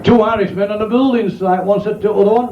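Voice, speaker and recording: A man's voice: high voice, steady tone, fast, a crowd in the background, noisy background. A man with a Yorkshire accent doing a crude, cheeky stand-up routine and laughing at his own jokes. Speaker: stand-up comedian. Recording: echoey, dull lo-fi club recording.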